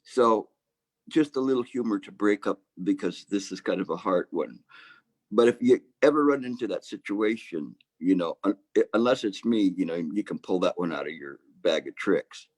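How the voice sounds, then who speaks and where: A man teaching Chan meditation in a low, halting voice, circling back with fillers and restarts. His telling carries gentle humor. The sound is dry and close-miked. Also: animated, dry recording. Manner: hesitant, many restarts and fillers. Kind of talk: dharma talk.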